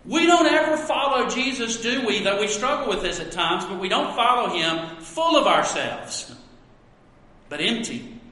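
High, bright preacher in an echoing hall. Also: male voice. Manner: earnest, emphatic preaching with rhetorical questions. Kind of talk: sermon. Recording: echoey hall with long reverb.

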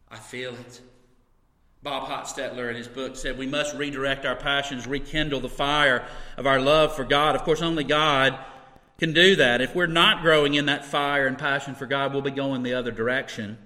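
A man's voice: fairly high pitch, pushed and bright. A middle-aged man preaching a sermon in an earnest, conversational way, with occasional asides and light laughter. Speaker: pastor. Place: church sanctuary. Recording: echoey hall with long reverb.

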